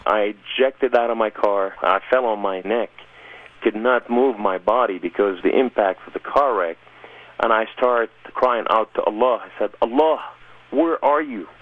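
A man's voice: fairly low pitch, moderate pace, no room sound. A man earnestly telling his life story as a guest in a radio interview, heard over a tinny phone-like line. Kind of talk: personal testimony in a radio interview.

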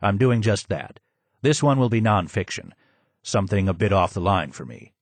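A man reading the lines of a courteous elderly novelist in a soft, measured, polite voice. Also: lowish voice, big pitch swings, dry recording, pitched below the performer's own voice.

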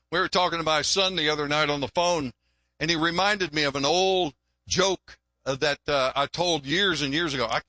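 An older man preaches in a folksy, storytelling way, stumbling over and repeating words. His voice sits high for a man and sounds bright, and the recording is dry and close. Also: moderate pace, no room sound. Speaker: pastor. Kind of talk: sermon. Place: church.

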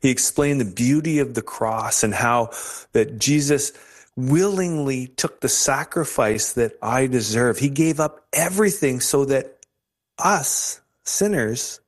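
A man's voice: medium pitch, expressive, unhurried. A man from Canada telling his conversion story as an interview guest, earnest and emotional, with many restarts. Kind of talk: personal faith testimony.

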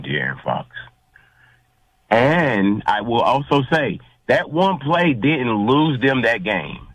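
A man co-hosting a sports talk show, emphatic and theatrical, swinging from low grumbles to high exclamations. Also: fairly bright tone, no room sound, poor audio. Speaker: podcast co-host.

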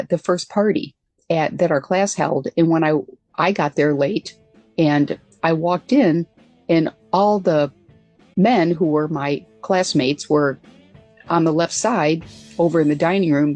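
An older woman, a former military pilot, tells a relaxed, chatty anecdote as a guest on an interview show and corrects herself as she goes. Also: low-pitched.

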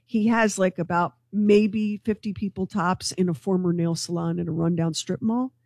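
A woman co-hosting a morning radio show, telling a news story to her co-hosts in an excitable, gossipy way. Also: on the low side, normal speed, dry recording. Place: radio studio.

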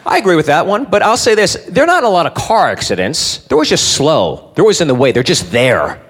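A man doing a stand-up routine, lively, with shouted sound effects and questions to the audience. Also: fairly high pitch, fairly quick, slightly rough. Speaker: stand-up comedian. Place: live comedy club with audience.

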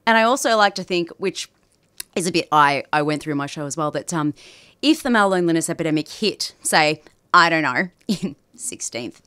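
A woman guest on a radio show, talking in an animated, sardonic way. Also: low-pitched, fairly quick, clean tone, dry recording, clean studio sound. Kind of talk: casual radio chat.

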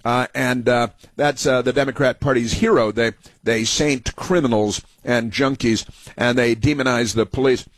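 A man's voice: medium pitch, steady tone, moderate pace, no echo. A man hosting a political talk radio show, rambling with many fillers and restarts.

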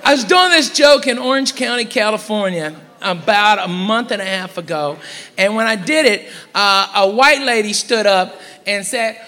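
A man's voice: high voice, moderate pace, pushed and bright, in a large hall. A man doing stand-up, telling a story in a conversational way. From Southern United States. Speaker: stand-up comedian. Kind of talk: stand-up comedy set.

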